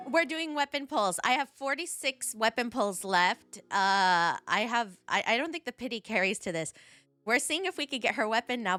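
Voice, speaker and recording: A woman streaming a game live, talking to her chat and breaking into excited squeals. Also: fairly high pitch, moderate pace, soft background music.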